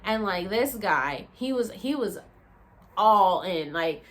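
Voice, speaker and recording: A woman's voice: mid-range voice, slow pace. Young woman telling a wild story. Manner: animated, swearing, acts out others' voices. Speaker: vlogger. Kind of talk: casual storytelling vlog.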